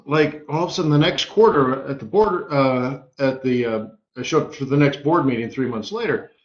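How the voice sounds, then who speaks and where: A man hosting a live trading webinar, telling stories in an energetic, emphatic way with punchy repeated phrases. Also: medium pitch, moderate pace. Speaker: forex market strategist hosting a live webinar. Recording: roomy, slightly dull webinar audio.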